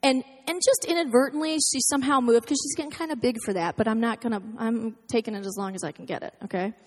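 High-voiced woman telling family stories. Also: quick pace, in a large hall. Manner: animated storytelling, quoting her kids in voices. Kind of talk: casual talk to moms.

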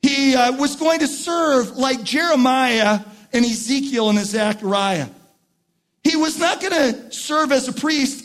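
High-voiced male preacher giving a sermon. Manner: builds from quiet, reflective talk to repeated shouted emphasis. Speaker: pastor.

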